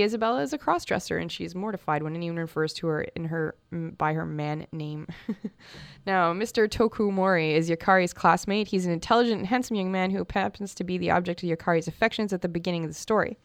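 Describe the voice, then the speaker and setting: A woman's voice: fairly low pitch, smooth, no echo, studio quality. A woman hosting a radio show about comics, chatting casually and enthusiastically with fillers and restarts.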